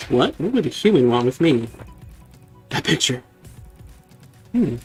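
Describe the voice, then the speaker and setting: A man's voice: medium pitch, very animated, a little slow, husky, soft background music. A man voicing a suspicious, hostile male Digimon, reading game dialogue aloud with scorn. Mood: menacing.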